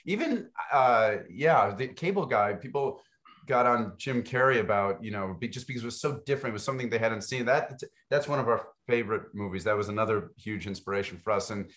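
A man's voice: lowish voice, lively intonation, a bit bright. A man, a film co-director, chatting eagerly in an interview, stumbling over restarts as he gushes. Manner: eager, gushing, quick restarts. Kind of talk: casual interview chat.

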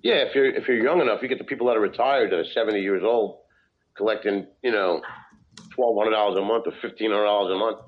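A man's voice: fairly low pitch, quick pace, lo-fi sound. A man from New Jersey chatting as a podcast guest, conversational and asking questions. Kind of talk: casual political chat.

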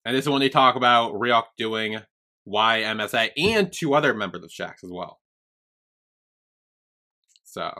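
A man's voice: on the low side, lively intonation, measured pace, pauses often, pushed and bright. A young man co-hosting a podcast, casually recapping a TV episode in a rambling way, swearing freely and acting out characters' lines. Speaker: podcast co-host.

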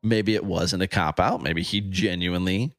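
A man co-hosting a podcast, chatting in a relaxed, joking way with rambling asides. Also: low-pitched, normal speed, no room sound, clean studio sound. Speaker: podcast co-host. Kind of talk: casual chat.

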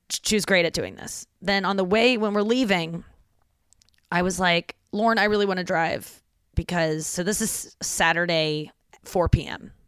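A woman hosting a podcast, telling a story in a lively, rambling way full of "like" fillers. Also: on the low side, clean tone, no room sound, clean studio sound. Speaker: podcast host. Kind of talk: casual comedic storytelling.

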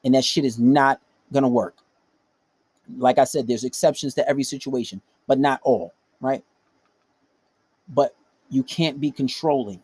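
A man's voice: mid-range voice, a little mellow, husky, no room sound. A man hosting a casual monologue, giving dating advice in a blunt, profane, emphatic way.

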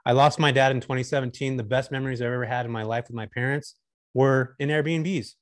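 A man's voice: mid-range voice, fairly even intonation, fairly quick, no room sound. A man talking candidly and enthusiastically as a guest on a casual podcast chat. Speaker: guest, short-term rental host.

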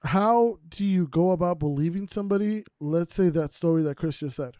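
A man's voice: high-pitched, normal speed, warm tone, dry recording, studio quality. A young man hosting a casual podcast who jokes, teases and asks blunt questions. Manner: joking, teasing, blunt.

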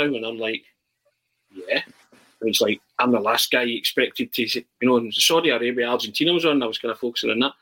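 A man, a podcast guest, telling a travel anecdote in a halting, animated way with many restarts. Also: medium pitch, low-quality recording. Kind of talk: casual storytelling.

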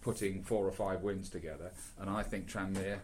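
Fairly deep guy hosting a footy podcast, rambly, lots of ums and restarts. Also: steady tone, normal speed, darkish tone, a little hiss or hum. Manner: rambling, many fillers and restarts. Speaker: podcast host. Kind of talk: casual football chat.

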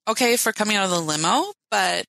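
A woman's voice: medium pitch, animated, fast talker, vocal fry, bright, forceful tone, no echo, poor audio. A woman co-hosting a podcast, chatting casually and reading out listener questions in a laid-back, giggly way. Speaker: podcast co-host.

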